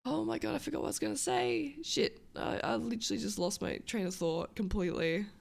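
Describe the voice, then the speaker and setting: A woman's voice: fairly high pitch, a little fast, creaky. A woman chatting casually with her stream viewers, rambling, swearing and losing her train of thought.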